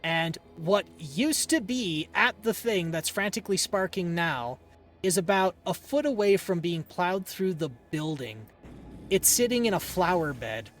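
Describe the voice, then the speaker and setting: A man streaming a game and telling a rambling story in a casual, dry, deadpan way. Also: high-pitched, a little slow, soft background music. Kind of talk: casual storytelling while gaming.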